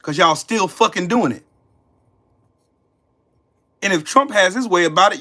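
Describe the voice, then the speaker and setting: A man's voice: on the high side, expressive, moderate pace, pauses often, sharp tone. A man hosting his own channel, delivering an angry, profane rant that curses, accuses and repeats its lines. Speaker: channel host.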